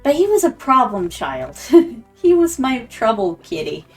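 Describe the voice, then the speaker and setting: A woman's voice: a little high, big pitch swings, measured pace. A woman streamer chatting casually and telling a story while she plays a game, acting out the voices of the people in it. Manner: chatty, acts out quoted voices. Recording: slightly distant mic with background music.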